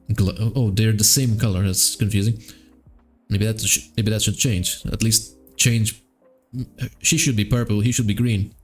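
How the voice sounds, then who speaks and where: A man's voice: fairly low pitch, steady tone, a little slow, soft background music. A young man commenting on a visual novel as he plays, stammering and reading lines aloud. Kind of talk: game playthrough commentary.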